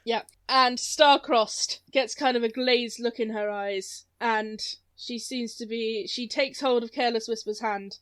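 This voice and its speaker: A woman with a high-pitched voice runs a tabletop game as its game master. She narrates casually, laughs often and now and then stops to search for a word. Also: steady tone, a little slow, hardly any pauses, fairly bright tone.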